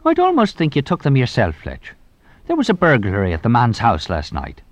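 A man's voice: mid-range voice, wildly swooping pitch, fairly quick, no echo, pitched above the performer's own voice. A man voicing a sly, probing police inspector. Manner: dry, probing, mock-innocent. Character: shrewd, teasing police inspector, older man, huge body.

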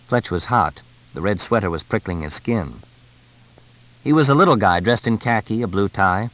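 A man narrating a novel as an audiobook, in a measured, descriptive storytelling manner. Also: fairly low pitch, animated, a bit bright, dry recording, rough recording. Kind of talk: scripted narration.

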